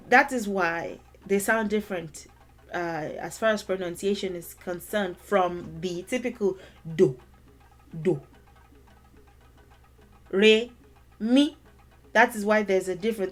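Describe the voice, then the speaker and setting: A woman with a mid-range voice teaches a language lesson. She talks patiently, repeats her key points, and models each word aloud as she goes. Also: medium pitch. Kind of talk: explaining and demonstrating pronunciation.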